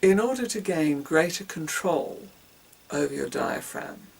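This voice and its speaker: A woman's voice: low-pitched, animated, measured pace, gravelly, darkish tone, breathy edge, recorded from a distance, rough recording. A woman giving a casual singing lesson, demonstrating breathing exercises with whoops, grunts and hisses. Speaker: singing teacher.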